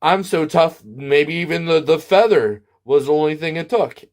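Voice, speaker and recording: Man putting on a pompous door-hating gent, blustering, boastful, pitched fairly high, comic storytime voice. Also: moderate pace, a little mellow, natural voice. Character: pompous angry man who hates doors.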